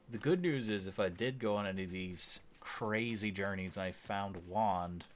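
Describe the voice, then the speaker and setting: Low-voiced man musing through gameplay. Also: fairly bright tone, a little hiss or hum. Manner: rambling, enthusiastic, musing aloud. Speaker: streamer. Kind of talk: casual gameplay commentary.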